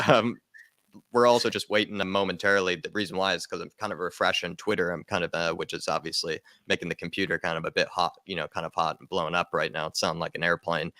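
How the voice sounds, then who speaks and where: A man with an Irish accent hosting a live fan stream, chatty and quick to laugh. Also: low voice, steady tone, bright, forceful tone, no echo. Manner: fast, chatty, laughs easily. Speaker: host.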